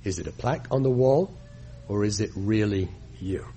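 Husky man preaching with dramatic swings. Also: moderate pace, dark tone. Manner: dramatic reading of scripture with big swings in pitch and volume. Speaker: pastor. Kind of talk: sermon.

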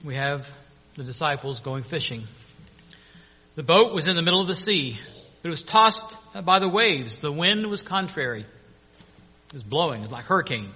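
A man preaching a sermon, telling a story in an earnest, animated way. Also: a little high, normal speed, pauses often, husky. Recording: long hall reverb.

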